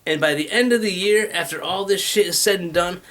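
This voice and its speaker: A vlogger pitches his venture in a brisk, high, fairly bright voice. He rants casually and rambles, swearing a lot and hopping restlessly from one idea to the next.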